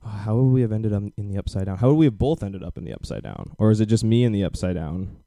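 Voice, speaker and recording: A man's voice: fairly low pitch, animated, fast, vocal fry, dark tone, dry recording, studio quality. A young man hosting a podcast, chatting casually and rambling with many fillers and restarts. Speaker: podcast host. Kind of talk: casual chat.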